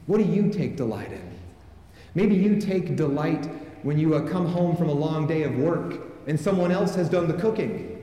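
Male pastor, mellow tone, preaching to and prompting a congregation, heavy hall echo. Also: a little high, lively intonation, normal speed. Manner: calls on the congregation to respond. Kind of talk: sermon. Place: large church sanctuary with a congregation. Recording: echoey hall with long reverb.

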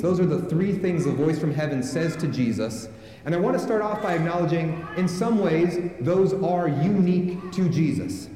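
A man's voice: a little high, lively intonation, normal speed, warm tone. A man preaching a sermon as a pastor and calling on the congregation to take part, recorded in a large church sanctuary. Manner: calls on the congregation to respond. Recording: echoey hall with long reverb.

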